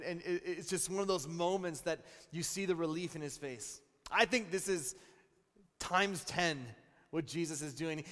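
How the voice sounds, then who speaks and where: A pastor in his thirties preaching a sermon, telling stories with animated, repeated phrases. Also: high-pitched. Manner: animated storytelling with repeated words. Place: large church hall. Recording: long reverb in a church hall.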